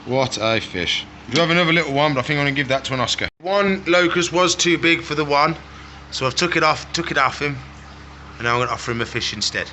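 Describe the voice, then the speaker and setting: A man's voice: fairly high pitch, fast, sharp tone, slight background noise. A man hosting a casual pet vlog, chatting to viewers and cooing affectionately at his animals as he feeds them. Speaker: exotic pet keeper and channel host. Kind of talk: casual vlog narration while feeding animals.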